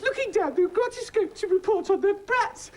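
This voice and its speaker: A squeaky dim-witted crocodile servant. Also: female voice, expressive, normal speed, darkish tone. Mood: flustered. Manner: silly, breathless and eager to please. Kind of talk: 1980s children's TV comedy acting.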